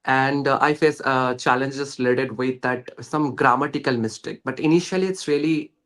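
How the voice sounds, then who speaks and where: At a moderate pace, a young man from West Bengal talks in a mid-range, somewhat bright voice with an Indian English accent. As a guest in a casual conversation, he sincerely walks through his learning journey, stumbling over many hesitations and fillers.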